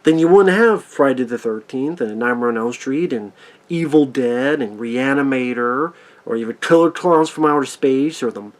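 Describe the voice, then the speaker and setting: A man's voice: medium pitch, normal speed. A man ranting angrily and sarcastically in a profane movie review.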